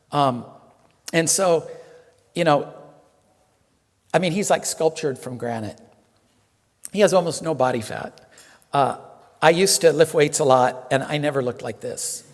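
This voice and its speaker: Male reverend, casual sermon, chatty and joking, rather high voice, long hall reverb. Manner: chatty, joking, many fillers. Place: temple hall.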